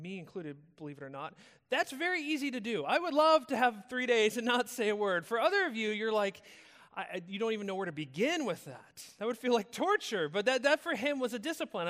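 An American man preaching a sermon in a relaxed, conversational storytelling manner, telling stories casually. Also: high voice. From United States. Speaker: pastor. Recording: long reverb of a large hall.

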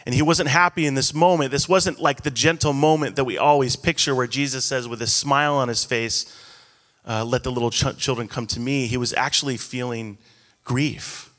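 A man's voice: mid-range voice, moderate pace, fairly bright tone. A man in his thirties preaching a sermon, telling stories in a casual, self-deprecating, conversational way. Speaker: pastor. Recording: echoey hall.

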